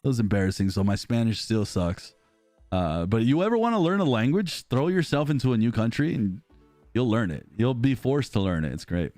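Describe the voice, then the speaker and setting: A man's voice: mid-range voice, lively intonation, brisk, darkish tone, no echo, faint music behind. A man in his thirties with an American accent, chatting casually with viewers on a live stream, rambling and self-deprecating. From United States. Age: 30s. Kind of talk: casual live-stream chat reading comments.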